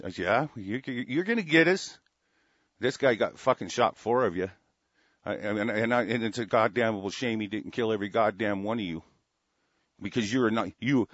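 A man's voice: lowish voice, a bit bright, no room sound. A man in an angry, profane rant, talking in heated bursts with stammering restarts. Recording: dull lo-fi dry recording.

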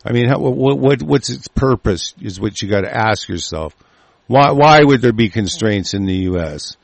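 A man's voice: on the low side, lively intonation, normal speed, vocal fry, no echo. A man in an angry, profane rant as he reads out a news article and breaks off with stammering restarts. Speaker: political ranter reading a news article.

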